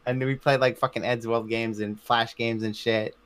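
A man's voice: medium pitch, flat delivery, moderate pace, a bit bright, smooth. A man chatting casually on a podcast, swearing constantly and rambling through memories. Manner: profane, rambling, frequent swearing.

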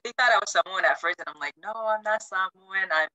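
Speaking fast on a video call, an animated woman from Chuuk, Micronesia, shares a travel story, dropping "like" often and voicing quotes with big leaps in pitch. There's no room sound, and the highs are cut off.

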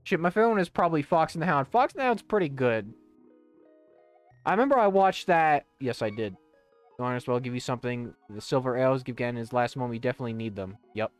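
A young man streams a video game, talking fast with lively intonation in a mid-range voice. His casual commentary rambles, packed with swearing, fillers and restarts, while faint game music plays underneath.

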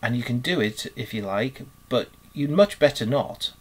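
A man, voicing a genial, dreamy male water rat in a storybook reading, solemn and relaxed. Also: mid-range voice, moderate pace, slightly rough.

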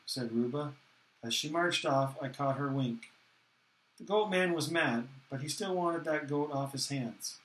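A man reading a novel aloud in the first person, steady and plain, with small restarts. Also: fairly high pitch, unhurried. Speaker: audiobook reader. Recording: echoey room.

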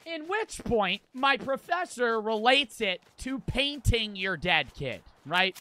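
A man's voice: high voice, animated, unhurried, pushed and bright. A man in his twenties streaming a game, telling a rambling story between profane trash talk. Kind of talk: casual storytelling while gaming.

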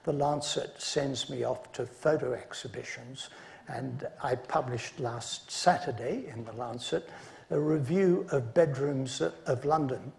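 A man giving an academic conference lecture, measured in delivery and dropping dry asides between points. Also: medium pitch, creaky, darkish tone. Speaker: conference speaker.

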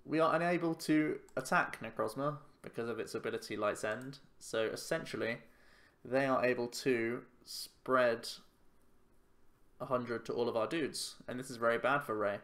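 A man's voice: medium pitch, normal speed, fairly bright tone. A man giving casual commentary while playing a card game, thinking aloud in a chatty, self-mocking way. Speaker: YouTube card game player.

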